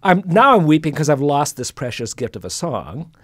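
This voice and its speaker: Soft-spoken reflective middle-aged man. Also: fairly high pitch, sing-song, normal speed, no echo, studio quality. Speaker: podcast host and singer-songwriter. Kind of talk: casual storytelling conversation.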